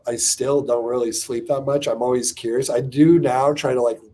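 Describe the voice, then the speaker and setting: A man's voice: mid-range voice, normal speed. A man in his forties, a company co-founder, telling a candid personal story on a podcast with lots of fillers. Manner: animated, frequent "like" fillers, restarts.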